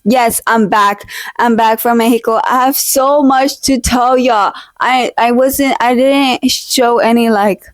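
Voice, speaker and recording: A woman's voice: on the high side, steady tone, slow pace, no echo. A young woman vlogging from her decorated room at home, chatting casually into a close desk mic, rambling and jokey, full of fillers and teasing fake-outs. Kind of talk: casual chat. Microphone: own desk mic, held close.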